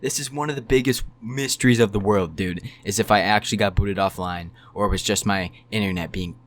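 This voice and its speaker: A man's voice: on the low side, a little fast. A young man telling a casual storytime, rambling and swearing freely. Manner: profane, rambling and animated. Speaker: storytime YouTuber.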